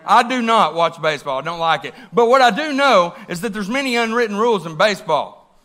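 A man preaching a sermon in a church, animated and often asking the congregation questions. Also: sits high, a little fast.

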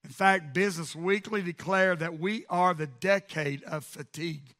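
A middle-aged male pastor preaching a sermon, building to emphatic, shouted repetitions. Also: sits high, normal speed.

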